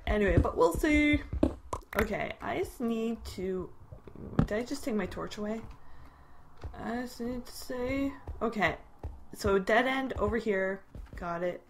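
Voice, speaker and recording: A young woman chatting casually over her gameplay, easily startled and poking fun at herself. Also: mid-range voice. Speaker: gamer. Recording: noisy home recording.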